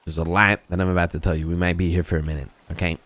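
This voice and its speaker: A man's voice: low voice, level tone, very fast, a bit bright, dry recording. A man talking in character during a roleplay game, rambling and swearing, padding his lines with "you know what I mean.". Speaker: roleplay gamer.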